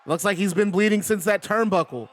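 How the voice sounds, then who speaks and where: A man's voice: high voice, brisk. A man streaming live, giving casual, chatty play-by-play on a wrestling video game.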